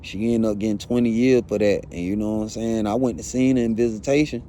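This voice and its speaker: A man's voice: on the low side, fairly even intonation, fast talker, dark tone, slight background noise. A man telling a first-hand story in blunt, profane, casual talk, often asking "you know what I'm saying". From Atlanta.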